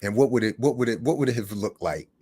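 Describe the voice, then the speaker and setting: Lively low-voiced man on a livestream. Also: fast, husky, no room sound. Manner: storytelling, laughs loudly, animated swings between hushed and loud. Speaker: livestream host. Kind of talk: casual livestream monologue.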